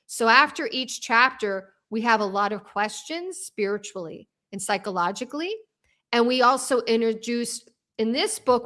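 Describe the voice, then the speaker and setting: An animated woman talks as an interview guest, full of restarts and asides. Her voice sits a little high and rings bright and forceful. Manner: animated, fast and rambling with many restarts. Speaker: author and trauma coach as guest. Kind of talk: casual interview talk.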